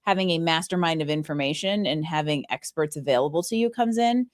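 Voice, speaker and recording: A woman's voice: sits low, fairly quick, no room sound, clean studio sound. A woman co-hosting a casual podcast chat, talking animatedly and laughing often. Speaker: co-host.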